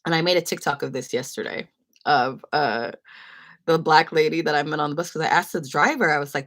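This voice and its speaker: Young woman, lowish voice, chatty rambling livestream host. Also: a little fast. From San Francisco. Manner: chatty, rambling, many fillers. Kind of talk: casual storytelling chat.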